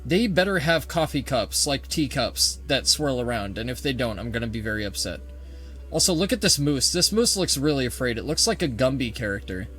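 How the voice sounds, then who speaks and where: A man's voice: mid-range voice, sing-song, brisk, a bit bright, faint music behind. Joking, foul-mouthed man narrating a game. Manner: joking, profane, reads in-game text aloud. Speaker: gaming video creator. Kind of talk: let's play commentary.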